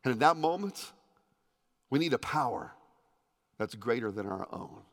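A man preaching a sermon as pastor, conversational with joking asides, swinging between loud emphasis and hushed intensity. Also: mid-range voice, lively intonation, moderate pace. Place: church sanctuary. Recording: long hall reverb.

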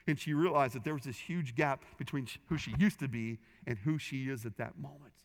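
Pastor preaching in a reverberant hall. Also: male voice, medium pitch, a little fast. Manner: earnest storytelling with quoted voices, rising and falling in intensity. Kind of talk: sermon.

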